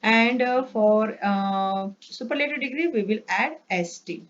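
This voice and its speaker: On a dull, lo-fi recording with a little hiss or hum, a female English teacher works slowly through grammar and reads word lists one at a time. Her pitch is slightly high, and she often repeats herself, correcting minor mistakes with a brief "sorry."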